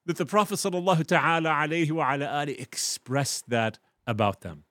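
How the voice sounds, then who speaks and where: A male teacher talks to his students in an online class. He tells the story with plenty of energy and jumps into loud, high voices for the characters. The sound is close and dry, with no room around it. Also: a little fast, no echo. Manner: animated, acts out quoted voices loudly. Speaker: Islamic teacher.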